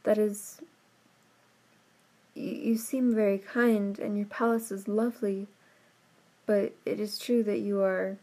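A woman reading a fairy tale aloud, voicing a frightened but brave young heroine who stammers and tries to stay calm. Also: medium pitch, brisk, few pauses, lightly acted, low-quality recording. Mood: nervous. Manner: timid, stammering, then bold. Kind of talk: storybook reading.

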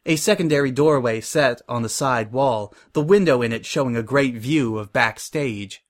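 Guy reading a pony fanfic out loud, mid-pitch, steady and even. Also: moderate pace. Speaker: narrator. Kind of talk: storybook fan fiction reading.

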